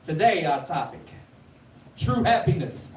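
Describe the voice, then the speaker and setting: A man preaching a sermon with call-and-response, rising from quiet talk to loud cries. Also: on the high side, lively intonation, a little slow. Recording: echoey room, from far off, faint noise.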